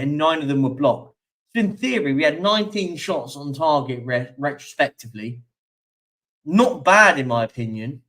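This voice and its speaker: A chatty man with a fairly high voice hosts a casual live stream from home, sitting a bit back from a distant mic. He rambles through numbers and reads out viewer comments and stats, filling the gaps with plenty of ums.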